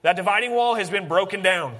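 A man preaching a sermon, swinging from animated emphasis to hushed, intense lines. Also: sits high, a little fast, big-room sound. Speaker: pastor.

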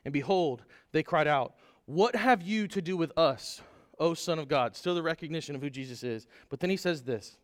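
A man preaching a Sunday sermon, animated and conversational, putting rhetorical questions to the congregation. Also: on the high side, moderate pace, dry recording, clean studio sound. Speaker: pastor.

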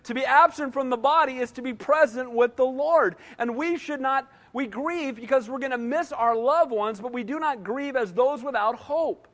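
A man's voice: very high-pitched, moderate pace, few pauses, a bit bright. A man in his sixties preaching a sermon emphatically, often asking the congregation "Amen?". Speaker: pastor. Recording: long reverb of a large hall.

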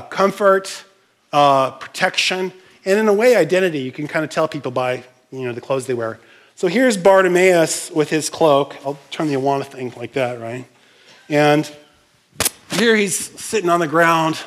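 A man preaching a sermon as pastor, animated and conversational, acting out scenes and speaking to the congregation with frequent asides. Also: a little high. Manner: animated, uses props and acts out scenes.

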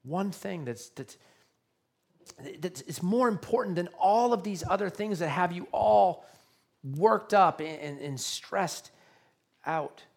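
Man, pastor, sermon, earnest, repeats himself, fairly high voice. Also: animated, slow, gravelly. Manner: earnest, repetitive, asks the congregation questions.

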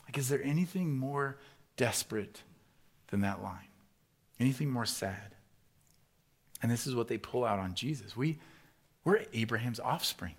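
A man preaching a sermon in a conversational way, asking rhetorical questions, swinging between loud, rising emphasis and soft, low delivery. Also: lively intonation, moderate pace, pauses often. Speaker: pastor.

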